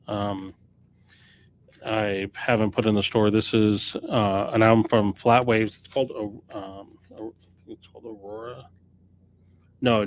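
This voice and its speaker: A man who owns a record store, chatting off the cuff on a live stream about new arrivals, often correcting himself mid-sentence. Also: on the low side. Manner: rambling, off-the-cuff, self-correcting. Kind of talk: casual live-stream chat.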